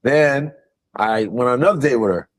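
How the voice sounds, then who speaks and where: A man telling a story in casual talk, animated and swearing freely. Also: mid-range voice, normal speed.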